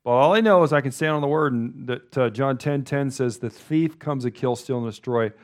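Male pastor, middle-of-the-road pitch, chatty and rambling sermon delivery with frequent restarts. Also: brisk. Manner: rambling, loose, restarts often. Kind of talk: conversational sermon.

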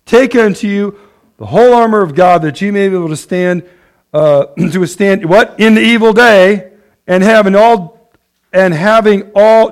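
A man preaching a sermon, reading scripture and laughing often between points. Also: high voice. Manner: lively, laughs often, loud bursts of praise. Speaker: pastor.

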